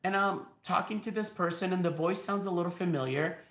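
A man who works as a realtor, a podcast guest telling personal stories in an animated way, laughing often and acting out the dialogue. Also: high voice, brisk. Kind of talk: anecdotal storytelling. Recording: echoey room.

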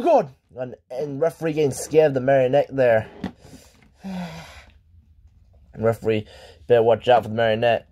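A man calling a wrestling match play by play, excitable, shouting in bursts and swearing. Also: mid-range voice, slight background noise. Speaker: wrestling commentator.

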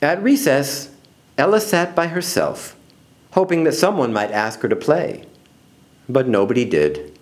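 A man reading a children's picture book aloud in an expressive, animated way. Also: medium pitch, unhurried, long pauses. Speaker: storybook reader.

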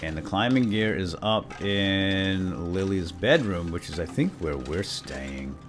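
A young man with a very low, deep voice commentates his way through a survival game, chatty and upbeat as he talks to his viewers. He breaks into sudden loud exclamations now and then, and soft game music plays behind him. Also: slow. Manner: bursts into loud excited exclamations. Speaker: gaming video host. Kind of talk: let's play commentary.

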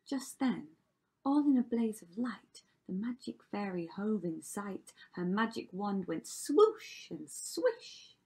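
A woman's voice: mid-range voice, measured pace, a little mellow, husky. A woman teacher reading a rhyming story aloud to children with dramatic delivery, often dropping to a whisper. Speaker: primary school teacher.

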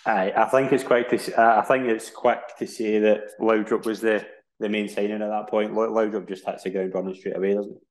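A man hosting a podcast, prompting his guest in relaxed conversation. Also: on the low side, fairly quick, few pauses. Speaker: podcast host. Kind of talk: casual chat. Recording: roomy echo.

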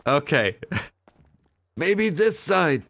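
Slow-talking man cracking up, swearing. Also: on the high side, sing-song, vocal fry, a bit bright. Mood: chatty. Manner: helpless laughter, heavy swearing. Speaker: role-play streamer. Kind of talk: game role-play, often breaking character.

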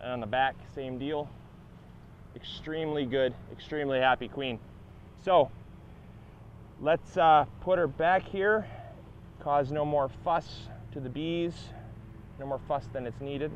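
A young man hosting a gardening channel, talking casually outdoors at his beehive, relaxed and upbeat with many fillers and restarts. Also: a little high, measured pace, pauses often, lo-fi sound, slight background noise. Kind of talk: casual outdoor how-to vlog.

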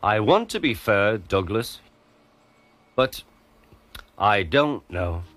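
A man's voice: lowish voice, sing-song, a bit bright, no room sound, exaggerated voice. A man doing a stern pompous railway boss. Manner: stern, measured, formal. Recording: music playing behind.

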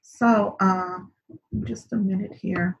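A woman's voice: mid-range voice, fairly even intonation, takes it slowly, gravelly. A woman teaching an online cooking and seaweed class in a chatty way, with many fillers. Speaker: instructor. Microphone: recorded on camera for an online class. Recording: dull lo-fi recording.

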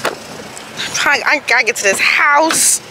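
A woman in her twenties from Texas, chatting excitedly in a casual vlog as she arrives home. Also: high voice, slow pace, heavy background noise. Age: 20s. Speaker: vlogger. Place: car and family home.

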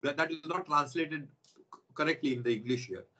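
Husky-voiced man teaching an online class. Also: on the high side, a little fast, pushed and bright, poor audio. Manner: explains step by step, stops to check with students.

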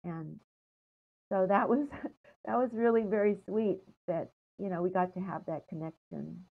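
An older American woman telling stories from her travels in an interview, meandering with many ums and trailing off softly. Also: medium pitch, a little slow, vocal fry. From United States. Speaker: interview guest. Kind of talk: casual storytelling interview. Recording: tinny phone-like line.

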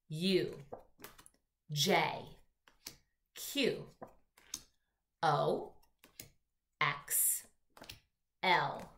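Slow, encouraging kindergarten teacher woman. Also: deep voice, fairly bright tone, reverberant, a little hiss or hum. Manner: slow, clear and encouraging, drawn-out reading aloud. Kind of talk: online phonics lesson for young children. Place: home room.

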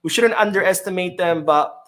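A man's voice: sits high, a little fast, a bit bright. A man hosting a casual live-stream podcast, reading chat comments in a loose, chatty way with many fillers.

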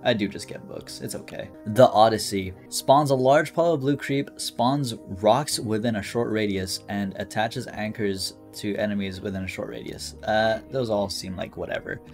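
A man giving casual, excitable commentary while playing a video game, thinking aloud and reading item descriptions. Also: on the low side, moderate pace, hardly any pauses. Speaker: gaming YouTuber. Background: game music.

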